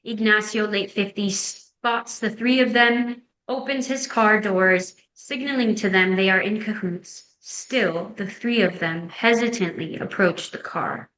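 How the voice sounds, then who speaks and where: A woman's voice: medium pitch, unhurried, hardly any pauses, a bit bright. A woman narrating, reading a screenplay's scene and action lines in a plain, descriptive way. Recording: echoey room.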